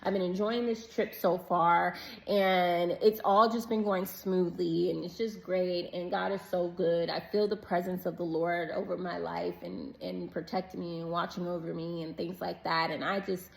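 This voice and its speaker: Woman, vlogger, earnest faith testimony, gravelly, emotional, casual preaching tone. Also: fairly low pitch, flat delivery, moderate pace, poor audio. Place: on vacation, about to eat breakfast.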